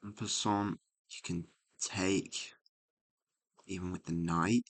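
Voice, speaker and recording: Slow, low-voiced man muttering through puzzles. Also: fairly even intonation. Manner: musing and muttering, with frequent hums and pauses. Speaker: chess streamer. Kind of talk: thinking aloud while solving chess puzzles.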